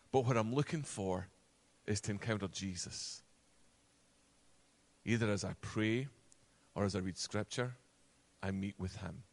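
A man preaching a sermon, animated, acting out quoted voices, and dropping to a soft, low voice for emphasis. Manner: acts out quoted voices and asides.

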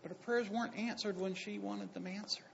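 A male pastor preaching a sermon, swinging between hushed lines and loud bursts and acting out the quotes. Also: sits high, steady tone, brisk, creaky, slight background noise. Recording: dull lo-fi sound.

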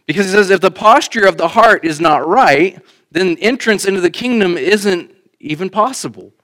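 A man's voice: high voice, expressive, moderate pace. Man preaching a conversational sermon. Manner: conversational preaching, rising emphatic then quiet asides. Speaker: pastor. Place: church sanctuary.

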